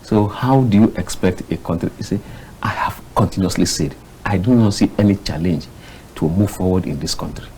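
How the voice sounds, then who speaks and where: A Nigerian man, a public affairs analyst, giving heated, exasperated commentary on a studio panel, his voice jumping to sudden high bursts. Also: brisk, warm tone, a little hiss or hum, rough recording.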